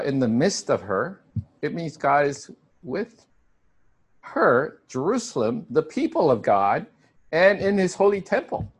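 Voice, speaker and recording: Man preaching a conversational sermon. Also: a little high. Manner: conversational, with filler words and restarts. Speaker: pastor.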